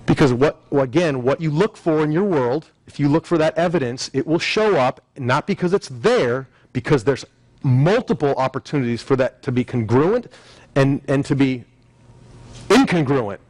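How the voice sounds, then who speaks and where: A man's voice: mid-range voice, moderate pace, no room sound, low-quality recording. A man teaching a live sales seminar, acting out phone calls in quoted voices as he explains. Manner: animated, acts out phone lines in quoted voices. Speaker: NLP sales trainer.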